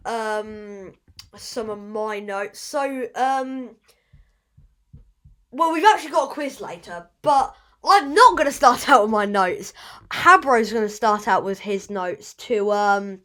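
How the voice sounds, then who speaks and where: A woman's voice: medium pitch, a bit bright. A woman hosting a casual podcast, rambling and fumbling over her words with self-deprecating asides. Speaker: podcast host.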